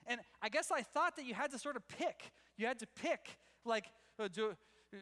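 A man preaches with a high, ringing voice that carries through a reverberant hall. He tells his stories animatedly, tripping over restarts and breaking into chuckles. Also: expressive, moderate pace, sharp tone. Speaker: pastor. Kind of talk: sermon.

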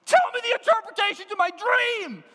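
A man voicing a furious, shouting ancient king who threatens his servants, with a long hall reverb. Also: sits high, normal speed.

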